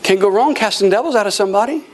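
A man's voice: high voice, rapid-fire. A man preaching a charismatic sermon, laughing often and repeating words for effect. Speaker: pastor.

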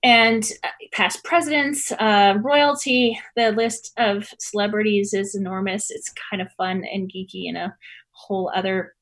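A woman's voice: mid-range voice, steady tone, unhurried, a bit bright. A woman in her forties, a sleep scientist guest, talking in a chatty, easygoing way in an interview. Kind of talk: casual interview talk.

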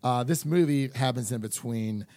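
A man co-hosting a podcast in casual chat, animated and full of fillers as he acts out quotes. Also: mid-range voice, moderate pace, no room sound, studio quality. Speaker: podcast co-host.

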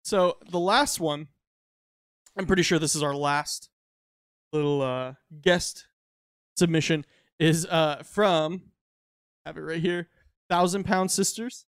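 A man with a high voice co-hosts a casual podcast. His talk is slangy and irreverent, full of casual swearing. The sound is dry and close to the mic. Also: slow pace, long pauses, no echo. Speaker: podcast co-host.

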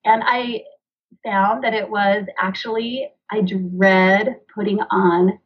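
Husky-voiced mother chatting earnestly. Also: medium pitch, steady tone, slow pace, muffled recording. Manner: earnest, rambling, acts out dialogue. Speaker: podcast guest, author and mother. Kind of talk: conversational interview.

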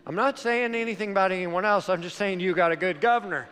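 A male pastor preaching a sermon, telling a story with animated shifts between loud and quiet. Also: very high voice, fairly quick, hardly any pauses, clear, resonant tone. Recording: long hall reverb, faint music.

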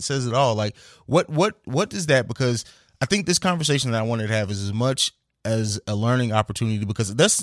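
A man's voice: mid-range voice, dry recording, clean studio sound. A man hosting a podcast, asking questions thoughtfully and hesitantly, searching for words. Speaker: podcast host. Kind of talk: casual podcast interview.

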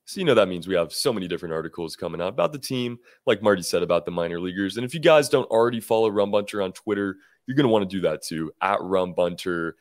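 A man hosts a sports podcast in an easygoing, conversational way, casually plugging the show. His voice sits low and sounds dry and close to the mic. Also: expressive, fast, hardly any pauses, no echo. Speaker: podcast host.

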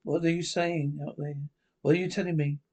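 A man's voice: a little high, flat delivery, fairly quick, darkish tone, natural voice. A man playing a haunted, tormented lecturer who narrates his own descent into madness, in a 1930s radio drama. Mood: anguished. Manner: anguished, breathless, theatrical. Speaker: narrating protagonist.

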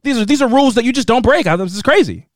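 A man co-hosting a podcast, chatting casually and joking as he recaps a TV episode with quick asides. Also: extremely high pitch, animated, dry recording, clean studio sound. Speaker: podcast co-host recapping a TV series. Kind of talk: casual chat.

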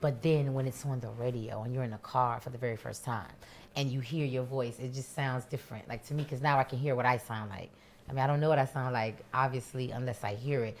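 A woman from Miami talking in a casual interview as the guest, an animated storyteller. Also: very deep voice, fairly quick, a little hiss or hum. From Miami, USA. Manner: animated storyteller, acts out quoted voices.

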